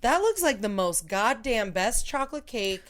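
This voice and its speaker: Animated, swearing woman podcast co-host. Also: a little high, moderate pace, crowd noise. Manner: animated, swears freely, acts out movie scenes. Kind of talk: casual chat.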